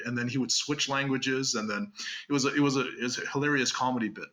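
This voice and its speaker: Bright-voiced animated male storyteller. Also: mid-range voice, muffled recording. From Canada. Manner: animated storyteller, quick asides and laughs. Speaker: guest magician. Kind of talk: casual interview storytelling.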